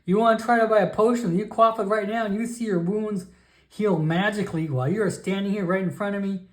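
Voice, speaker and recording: A man's voice: high voice, a little fast, close to an everyday voice. A man voicing a chatty male merchant alchemist who pushes his wares with wheedling sales patter. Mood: coaxing. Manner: wheedling sales patter, calls everyone my friend.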